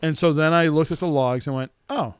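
A man co-hosting a casual chat, his voice a touch high and recorded close and dry with no room sound. He jokes easily and slows right down when he spells out codes. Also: fairly even intonation, clean tone, no echo. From Chicago area. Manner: joking, reads cache codes slowly. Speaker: podcast co-host.

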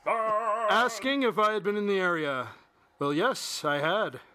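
A man's voice: high voice, measured pace, bright, forceful tone. A man co-hosting a casual podcast, reading a story aloud with playful, laughing asides. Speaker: podcast co-host.

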